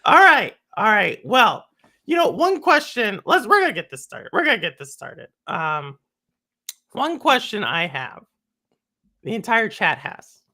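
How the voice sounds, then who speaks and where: A woman hosting a casual interview, teasing and expressive, laughing along with her guest. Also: medium pitch, a little slow. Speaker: host.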